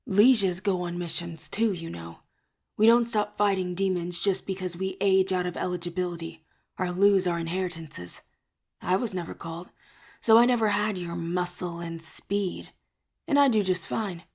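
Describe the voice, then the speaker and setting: A woman voicing a tough, teasing woman fighter who talks in a brisk, dry way. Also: fairly low pitch, steady tone, gravelly, a little mellow, slightly rough. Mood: wry.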